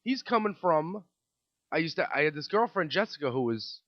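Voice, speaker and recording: A man in his thirties tells a profane, exasperated comedic story as a podcast host. His delivery swoops widely and sits slightly high. The recording is dry and dull, like a lo-fi home setup. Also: very animated, normal speed, dry recording.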